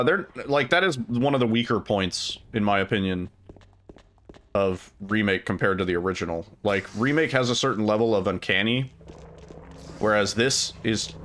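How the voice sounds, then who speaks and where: A man's voice: fairly low pitch, a bit bright, a little hiss or hum. A man casually chatting and laughing as he streams a game, with goofy asides to his chat. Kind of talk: casual gameplay commentary.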